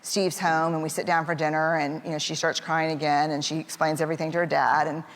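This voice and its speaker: Her voice is low-pitched, level and brisk as she recounts a story about her family, casual and chatty, with plenty of fillers and little laughs. She voices family members' lines in quotes, and the echoey hall carries faint background noise.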